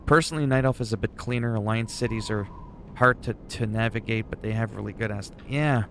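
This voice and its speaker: A man's voice: lowish voice, a little fast, a bit bright, slight background noise. A man livestreaming a game, chatting casually and enthusiastically with viewers, rambling a bit and swearing now and then. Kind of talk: casual gameplay chat.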